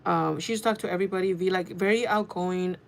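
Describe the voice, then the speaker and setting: A woman telling a casual storytime vlog, chatty and animated, swearing freely and talking in quick bursts. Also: on the low side, creaky, a little hiss or hum. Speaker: vlogger.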